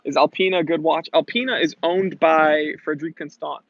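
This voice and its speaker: Gravelly-voiced chatty man. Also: on the high side, fairly even intonation, brisk, no echo, lo-fi sound. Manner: playful, chatty, reads comments aloud. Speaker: watch channel host. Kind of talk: casual livestream Q&A. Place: Los Angeles.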